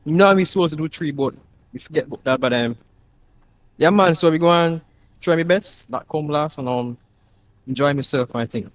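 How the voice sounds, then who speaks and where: Caribbean man, easygoing interviewee, a touch high, dry close sound. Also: moderate pace, long pauses, dry recording. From Barbados. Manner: relaxed, rambling, many fillers like "yeah, man". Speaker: racing league driver being interviewed. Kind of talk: casual interview.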